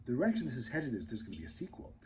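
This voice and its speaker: A man's voice: mid-range voice, huge pitch swings, rapid-fire, a little hiss or hum, rough recording. A man hosting his own channel in a casual, rambling monologue, full of fillers and restarts, sometimes dropping into muttered asides. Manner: drifts between loud and muttered asides. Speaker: channel host.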